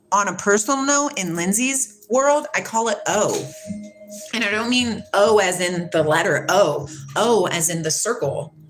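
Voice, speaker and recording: A woman's voice: medium pitch, low-quality recording. A woman hosting a casual livestream, chatting and reading viewer comments aloud, laughing often and greeting people by name. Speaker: livestream host.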